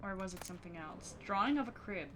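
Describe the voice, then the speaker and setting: A woman streamer giving chatty, animated live commentary on a horror game. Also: mid-range voice, fast talker, slight background noise. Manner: chatty and animated, reacting out loud.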